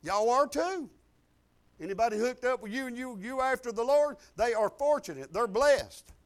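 An older man preaching a sermon, folksy and exuberant, breaking into loud outbursts. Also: very high-pitched, lively intonation, normal speed. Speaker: pastor.

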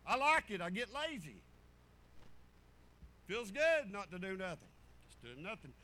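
A man's voice: high voice, sing-song, unhurried, bright, forceful tone. A man, a pastor preaching a folksy sermon full of storytelling asides. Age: 50s.

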